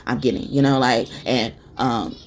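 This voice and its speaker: A woman's voice: very deep voice, steady tone, normal speed, slight background noise. A woman gives a spiritual tarot reading in a loose, chatty way. She is blunt and emphatic, swears without a second thought, and keeps tossing "okay?" at her listeners. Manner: loose and chatty with many fillers. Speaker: tarot reader. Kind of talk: casual spiritual reading chat.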